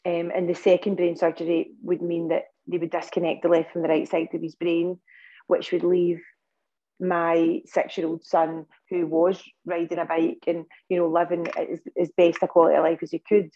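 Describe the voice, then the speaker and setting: A woman's voice: lowish voice, little pitch movement, normal speed, dark tone, dull audio. A Scottish woman, a podcast guest, telling a long personal story in casual interview talk, with earnest pacing and many fillers and restarts. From Scotland.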